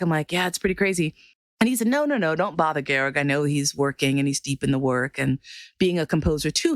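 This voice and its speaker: A woman's voice: no room sound, studio quality. A woman telling a personal story in a casual monologue, acting out the people she quotes and swearing now and then. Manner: animated, swears freely, acts out quoted voices with big pitch jumps. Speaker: podcast host telling a story.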